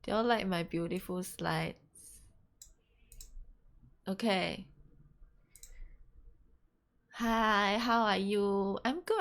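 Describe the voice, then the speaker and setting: A woman's voice: mid-range voice, creaky. A young woman hosting a casual live stream, flustered and laughing through technical trouble. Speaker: stream host.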